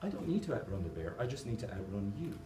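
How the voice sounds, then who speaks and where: A man with an Irish accent voicing a relaxed Dutch man, dry and matter-of-fact, in a joke told on stage. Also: lowish voice, fast talker. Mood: smug. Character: calm, unbothered Dutch man. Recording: echoey hall from far off, noisy.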